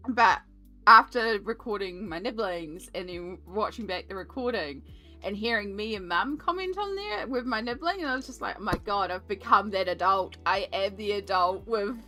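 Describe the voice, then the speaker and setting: Soft music plays as a woman with a mid-range voice, lively intonation, and a pushed, bright quality speaks at a moderate pace. She's an Australian art streamer in her thirties, chatty and laughing as she colours and mimicking sarcastic adult tones.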